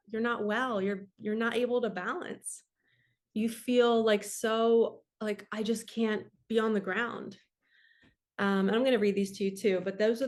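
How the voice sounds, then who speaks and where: Passionate rambling woman reading tarot. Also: medium pitch. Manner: passionate, rambling, says "like" often. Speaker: tarot reader and spiritual coach. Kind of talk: casual tarot reading talk.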